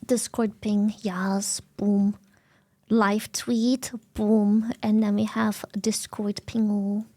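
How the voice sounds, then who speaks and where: A native German-speaking woman with a German accent chats casually on stream, animated and slangy, swearing plenty. Her voice is mid-range and she takes it slowly, with no room sound.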